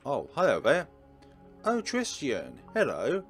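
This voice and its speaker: A man voicing a lost, gentle female songbird folk musician, speaking in a halting, apologetic way. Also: on the high side, huge pitch swings, soft background music, voice pushed up, heavily acted. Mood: wistful.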